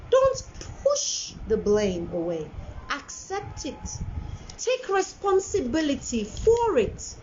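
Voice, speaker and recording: A woman's voice: high-pitched, huge pitch swings, slow, a little mellow, dull audio, slight background noise. A woman with a Nigerian accent, a parent giving an earnest, preachy monologue about parenting, repeating her points for emphasis. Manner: emphatic, preachy, lots of repeated phrases and restarts.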